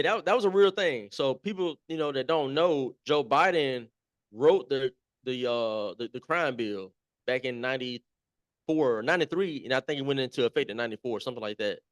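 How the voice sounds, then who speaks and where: A man's voice: medium pitch, normal speed, no echo, clean studio sound. A man appearing as a guest on a talk show, making his points emphatically and repeating them in casual chat.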